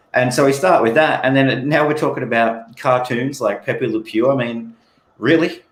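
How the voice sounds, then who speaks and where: An Australian man chats casually and rants, often repeating his first words before a sentence gets going. His voice sits at an ordinary pitch. The room around him is roomy and echoey. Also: normal speed. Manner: ranting, repeats words as he starts. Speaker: guest on a live stream. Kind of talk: casual chat.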